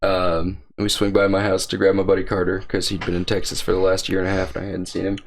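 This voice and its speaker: A young man co-hosting a podcast, telling a story in a casual, profane and animated way. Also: deep voice, quick pace, vocal fry, slight background noise. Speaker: podcast co-host.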